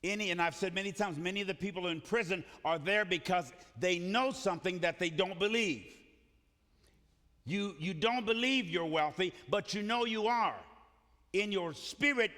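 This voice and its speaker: Male pastor, high and bright tone, emphatic sermon delivery in a big reverberant sanctuary. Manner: emphatic, calls on the congregation to repeat phrases. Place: church sanctuary. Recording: reverberant church hall.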